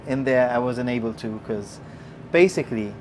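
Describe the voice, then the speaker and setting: Excitable storyteller from Gibraltar. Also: mid-range voice, moderate pace, background noise. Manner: animated, gets loud and excited when retelling. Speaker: host. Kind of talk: casual storytelling chat.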